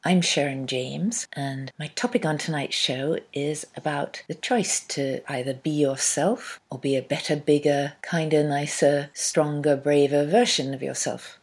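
A woman hosts her own evening radio talk show. Her voice is low and slightly husky. She delivers a measured, reflective scripted monologue. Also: steady tone.

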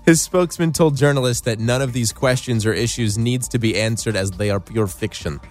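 A man hosting a radio morning show, reading news in a measured way and joking easily with his co-hosts. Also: medium pitch, faint music behind. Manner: measured newsreader delivery that gives way to easy laughter.

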